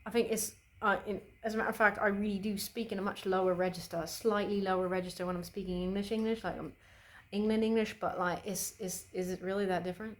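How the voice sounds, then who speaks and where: A young woman, a beauty vlogger, chats while doing her makeup, speaking quickly at a medium pitch with fairly even intonation on a low-quality recording. She swears freely and shares her opinions without a filter, rambling with fillers and restarts in an easy, unpolished way.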